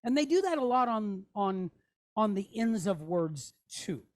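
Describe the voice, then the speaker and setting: A woman teaching a Hebrew class, explaining patiently, sounding out letters and syllables slowly, and checking in with her students with a frequent "okay?" and "right?". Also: mid-range voice, sing-song, darkish tone. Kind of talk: classroom lesson.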